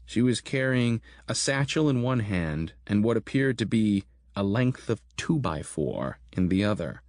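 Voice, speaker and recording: A man narrating a horror audiobook in a steady, measured storytelling manner. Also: on the low side, no echo, studio quality.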